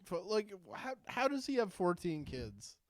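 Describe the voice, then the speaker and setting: Man riffing jokes, slightly high voice. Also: big pitch swings, a little slow. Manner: riffing, joking asides. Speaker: podcast co-host. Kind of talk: casual comedic chat.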